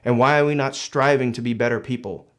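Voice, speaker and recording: A young man reads short passages aloud and then talks them over in a relaxed, chatty way, full of "you know" and "like.". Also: medium pitch, fast talker. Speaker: book commentator. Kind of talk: casual reading and commentary.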